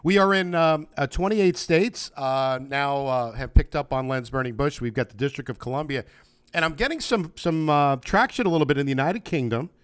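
A man with a smooth, resonant voice hosts a casual podcast interview, rambling along in a friendly way with plenty of fillers and restarts. His voice comes across dry and close, with no room around it. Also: a little high, moderate pace, no echo. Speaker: podcast host. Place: home, remote video call.

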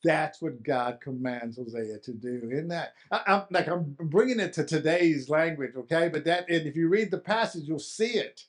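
Conversational preacher. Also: male voice, on the high side, moderate pace, hardly any pauses. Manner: conversational, repeats and restarts for emphasis. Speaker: pastor. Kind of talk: sermon.

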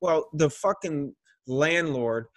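A man telling a long, rambling story in casual chat, animated and swearing a lot. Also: on the high side, slow, no room sound. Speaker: podcast co-host.

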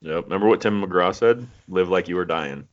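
A man's voice: low voice, fairly quick. A man in his thirties co-hosting a podcast, chatting casually in a laid-back, teasing way. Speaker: podcast co-host. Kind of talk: casual chat. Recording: dull lo-fi audio.

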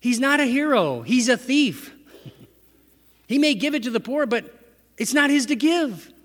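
A man's voice: very high-pitched, sing-song, unhurried, a bit bright. A man preaching a sermon in a conversational way, asking his listeners rhetorical questions. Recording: echoey hall reverb.

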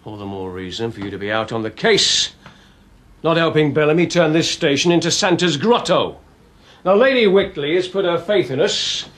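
Stern, pompous police sergeant with a slightly high voice and dry sarcasm. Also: male voice, lively intonation, normal speed, fairly bright tone. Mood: lecturing.

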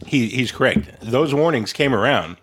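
A man's voice: mid-range voice, lively intonation, normal speed, heavy background noise. A man joining a podcast as guest co-host, laid-back in casual chat with dry quips.

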